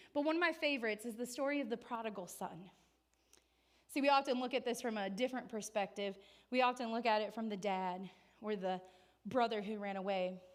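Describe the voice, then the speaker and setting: A woman pastor giving a sermon who retells the story earnestly, often in a quiet, low-key voice.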